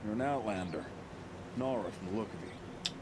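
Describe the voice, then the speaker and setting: A man's voice: on the low side, lively intonation, normal speed, lightly acted. A man voicing a sneering boastful hunter. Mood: scornful. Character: cocky, scornful tribal hunter from the north. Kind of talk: video game dialogue. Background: crowd noise.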